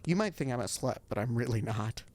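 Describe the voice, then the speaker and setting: A man streaming, reading a story aloud with wry, deadpan asides for comedy. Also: mid-range voice, brisk.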